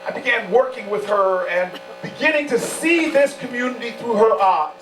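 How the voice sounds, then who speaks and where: A man's voice: high-pitched, animated, normal speed, fairly bright tone, a little hiss or hum. A man giving a campaign speech to supporters at an indoor event, telling stories with impassioned, repeated rhetorical phrases. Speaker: political candidate addressing supporters. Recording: echoey, distant, humming room recording.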